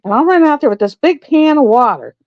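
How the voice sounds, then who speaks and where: A woman's voice: sits high, lively intonation, quick pace, no echo. A middle-aged woman, telling a rambling story to her live stream viewers and laughing often. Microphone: phone or webcam on a live stream. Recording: dull, slightly lo-fi stream audio.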